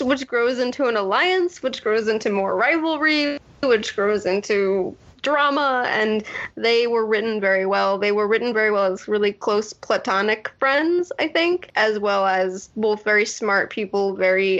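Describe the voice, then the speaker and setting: A woman's voice: mid-range voice, fairly bright tone, dull audio. A woman co-hosting a casual podcast, chatty and laughing often as she stumbles over names. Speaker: podcast co-host. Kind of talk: casual book discussion.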